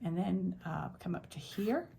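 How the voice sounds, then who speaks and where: A woman with a gravelly, fairly low voice walks through a quilting design one step at a time. She talks plainly and practically, thinking aloud as she works. She sounds like she is in her quilting workspace at the machine. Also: lively intonation, unhurried, mellow, a little hiss or hum. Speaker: quilting teacher. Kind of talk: step-by-step tutorial.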